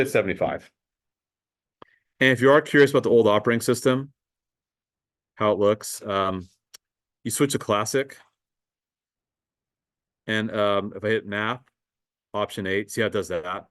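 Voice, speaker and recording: A man teaching a high school math class in a casual lecture, talking the students through calculator steps. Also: rough recording. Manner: casual, talks to students as guys, thinks aloud with fillers.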